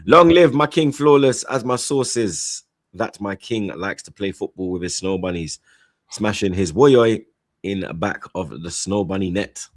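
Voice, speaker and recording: A man with a fairly low voice talks football in a slangy, rambling way, peppering every line with shout-outs and "you get me". The sound is close and dry. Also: unhurried, no room sound. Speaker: football stream co-host. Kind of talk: casual chat, reading out super chats.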